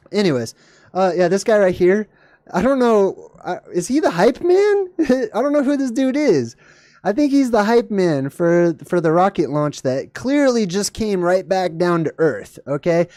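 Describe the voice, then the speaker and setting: A man's voice: normal speed, no room sound, studio quality. Jokey man riffing over a video. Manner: animated, jokey, voice jumps high when excited. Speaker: video host. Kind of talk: casual reaction commentary.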